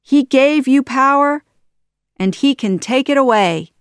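A woman reading aloud, voicing a brave, quick-witted young man from the streets, defiant and raised in a storybook. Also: a little high, fairly bright tone, dry recording, studio quality, pitched above the performer's own voice.

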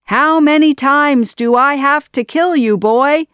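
A woman's voice: medium pitch, slow, clean tone, no echo, studio quality, lightly acted. Jafar, a woman doing a gloating villain. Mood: shouting. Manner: threatening, gloating, raised voice. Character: scheming male sorcerer villain, cruel and gloating.

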